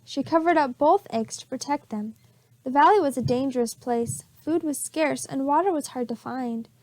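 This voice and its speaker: A preschool teacher, a woman, reading storybooks aloud to young children in a clear, expressive way. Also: sits high, no echo, low-quality recording.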